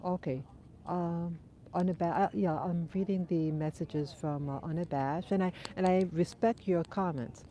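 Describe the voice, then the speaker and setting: A woman with a lowish, mellow voice talks thoughtfully into her phone while out walking her dogs. She has a runny nose and answers viewers' comments in an easygoing live-stream chat. Faint outdoor ambience sits behind her. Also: fairly even intonation, moderate pace, slight background noise. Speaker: livestream host. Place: outdoors on a dog walk.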